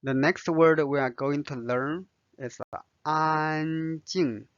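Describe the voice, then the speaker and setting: A man whose first language is Chinese, teaching a language lesson with slow, careful explanations and many fillers. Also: medium pitch, steady tone, no echo, dull audio.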